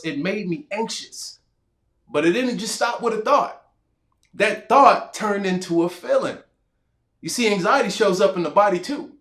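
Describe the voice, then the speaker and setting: A man in his thirties speaks straight to the viewer in a relaxed, conversational self-help talk, his voice sitting high. He acts out bits of his own past dialogue. The room around him is echoey. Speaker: motivational speaker.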